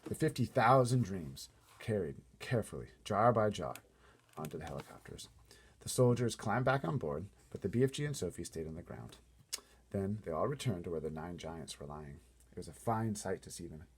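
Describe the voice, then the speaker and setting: A man reading a children's novel aloud in an expressive, animated storytelling manner. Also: low voice, moderate pace, slightly rough. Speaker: storybook reader.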